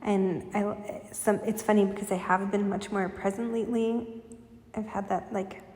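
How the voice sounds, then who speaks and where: A woman giving a casual intuitive spiritual reading, talking in a soft, meandering way with many fillers. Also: mid-range voice, fairly even intonation, moderate pace. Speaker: spiritual channel reader. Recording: echoey room with long reverb.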